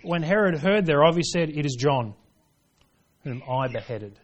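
A male preacher with a somewhat high voice delivers an emphatic sermon. He reads scripture in old-fashioned wording and swings between hushed, low lines and forceful, rising ones. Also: expressive, normal speed. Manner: reads scripture aloud in King James wording.

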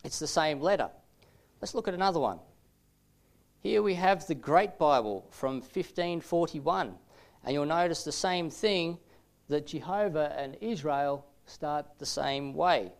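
A man with a slightly raised voice giving a lecture-style teaching talk. He explains things step by step at a measured pace, often filling pauses with "uh". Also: fairly high pitch, animated. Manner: measured explanatory delivery with frequent "uh" fillers.

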